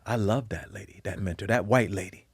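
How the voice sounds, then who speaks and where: A man, a guest on an interview podcast, telling candid personal stories in a lively, expressive way. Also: a little fast, breathy edge, no room sound, studio quality. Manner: animated storyteller, lively swings in pitch and volume.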